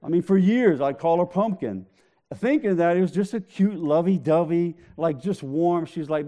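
Joking pastor with a mellow voice. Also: male voice, high-pitched, normal speed. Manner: joking, conversational, addresses congregation directly. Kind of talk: sermon.

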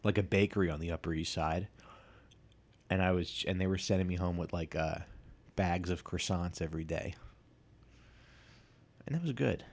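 A man's voice: sits low, moderate pace, pauses often. A man in his thirties hosting a casual solo podcast, telling rambling, self-deprecating stories full of asides and restarts. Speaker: podcast host.

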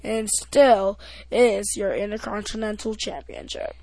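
A woman hosting a podcast, recapping wrestling in a casual, rambling way with many halting restarts. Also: medium pitch, animated, dark tone, no echo. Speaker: podcast host.

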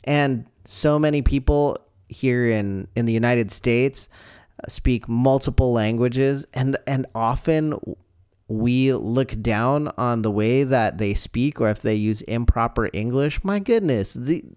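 Guy chatting on a podcast, smooth clear voice, dry close sound, gets animated and laughs a lot. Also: mid-range voice, slow pace, no room sound. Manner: animated, laughs often, jumps into a put-on Australian voice. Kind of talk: casual chat.

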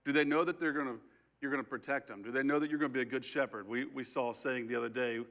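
A man's voice: medium pitch, steady tone, fast, fairly bright tone. A man co-pastoring a sermon, speaking directly to the congregation with questions. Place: church sanctuary.

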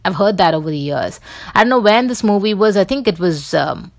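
A woman's voice: mid-range voice, animated, fairly quick, no room sound. A woman hosting a casual commentary show, rambling with many fillers and restarts. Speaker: podcast host.

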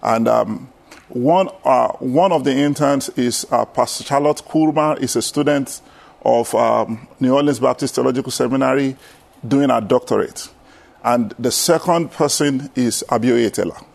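Gravelly Nigerian pastor with many fillers. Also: male voice, mid-range voice, moderate pace, darkish tone. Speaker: pastor and seminary student. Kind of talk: church panel talk.

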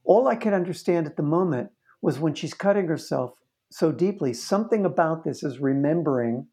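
A therapist recounts one of his cases in conversation, earnestly and vividly, often restarting his sentences. His voice is a little high and warm, animated and fairly quick.

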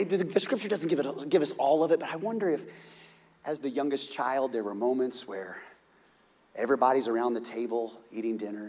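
Animated middle-aged pastor, high and lively. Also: male voice, in a large hall. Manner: animated dramatic storytelling with shouts and whispers. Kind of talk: sermon.

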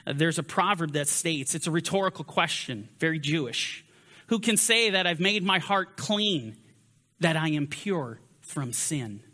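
A male Bible teacher with a high, bright, forceful voice. He reads scripture slowly and deliberately, then pushes his points hard, his pitch swinging up and down for emphasis. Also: animated, long reverb tail. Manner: rises and falls sharply for emphasis. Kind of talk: sermon-style Bible study.

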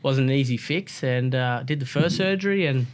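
Australian man, thirties, guest racer, casual storytelling, rambling with fillers, middle pitch, faint background hiss. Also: normal speed. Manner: rambling, many fillers and restarts.

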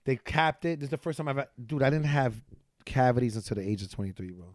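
A man's voice: medium pitch, lively intonation, quick pace. A young man hosting a podcast, bantering casually and calling his guest "bro". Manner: loose slangy banter, lots of "bro" and "yo". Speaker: podcast host. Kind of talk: casual chat.

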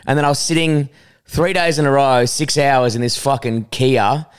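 A young Australian man co-hosting a casual comedy podcast, telling animated, swearing stories with laughs. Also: mid-range voice, moderate pace, smooth. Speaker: podcast co-host.

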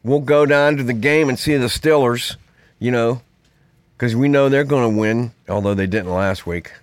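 A man's voice: medium pitch, normal speed, clear, resonant tone, no room sound, natural voice. A man doing a folksy Pittsburgh local. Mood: chatty. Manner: chatty, rambling, folksy. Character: easygoing male Pittsburgh local planning a day out.

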